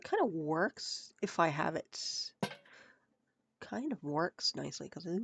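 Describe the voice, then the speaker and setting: A woman's voice: sits low, very animated, slow, creaky, fairly bright tone, slight background noise. A woman streaming a building game, chatting and muttering to herself as she works, her nose stuffed up from a cold. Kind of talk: casual live gameplay commentary.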